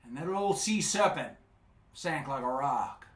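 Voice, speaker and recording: A man reciting a storytelling poem on a festival stage with a rhythmic, animated delivery. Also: fairly high pitch, measured pace. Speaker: poetry reciter. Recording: echoey live stage.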